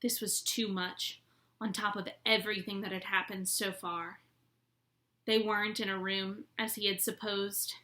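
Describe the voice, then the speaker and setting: Woman, teacher, children's book read-aloud, expressive, slow pace. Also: medium pitch.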